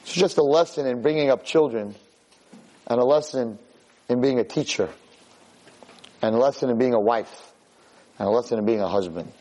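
A man giving a lively Torah lecture, who acts out scenes of shouting parents to make his points. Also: moderate pace, pauses often, low-quality recording. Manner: animated, acts out shouting parents in high pitch. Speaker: Torah teacher.

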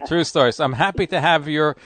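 A man's voice: on the high side, fast talker, background noise. A man hosting a radio interview, friendly and jokey, telling anecdotes to his guest. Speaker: radio show host.

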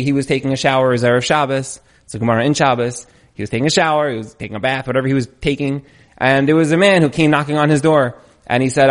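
A man teaching an informal Torah class, retelling a story in a conversational, storytelling way. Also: mid-range voice. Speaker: Torah lecturer.

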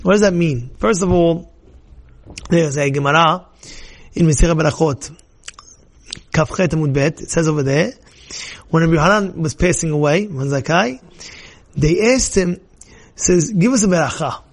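A man teaching a Torah class as a rabbi, animated and emphatic, repeating phrases to drive points home. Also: fairly high pitch, normal speed, long pauses. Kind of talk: lively sermon-style Torah lesson.

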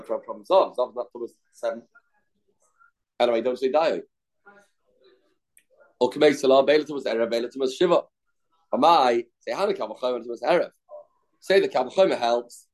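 A man's voice: medium pitch, darkish tone. A man teaching a Talmud lesson, talking in a sing-song study rhythm, repeating phrases and mixing English with Hebrew and Aramaic terms while answering students.

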